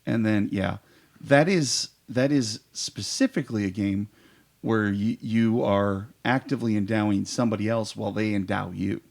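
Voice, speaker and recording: Gravelly guy rambling on eagerly in a podcast chat about improv, lots of ums. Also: lowish voice, normal speed, a little mellow. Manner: eager, rambling storyteller with fillers. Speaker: improv performer guest.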